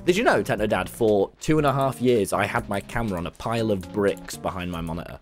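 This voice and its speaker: A young man with an English accent, chatting and teasing excitably while gaming on stream. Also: fairly low pitch, fast talker, soft background music. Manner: excitable, teasing, loud bursts. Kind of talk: casual gaming chat.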